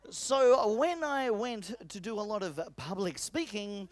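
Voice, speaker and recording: A man with an Australian accent giving an energetic, emphatic motivational seminar talk as a business coach, repeating his key phrases. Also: extremely high pitch, normal speed, no room sound. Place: seminar room with tables.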